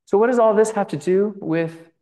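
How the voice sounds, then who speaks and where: A man whose warm voice sits high talks at a moderate pace, giving a conversational lecture on gospel icons as a Bible teacher. He uses lots of fillers and restarts, drifts into asides and checks in with "right?".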